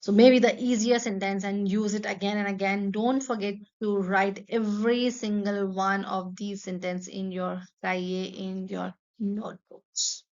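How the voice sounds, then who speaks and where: A woman's voice: mid-range voice, flat delivery, a little mellow, lo-fi sound. Encouraging woman teaching. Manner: slow, encouraging teaching delivery with repeated examples. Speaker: French teacher. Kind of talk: online language lesson.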